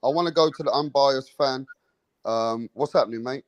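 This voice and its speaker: A man's voice: medium pitch, normal speed, dry recording, dull audio. A man hosting and moderating a heated live stream debate in a firm, brusque way, keeping speakers to time. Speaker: host and moderator.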